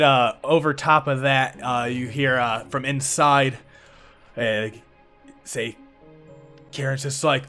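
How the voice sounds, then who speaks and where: Game master guy, bright voice, kinda halting narration, light music behind. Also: medium pitch, steady tone, clear, resonant tone. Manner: casual, halting, many fillers.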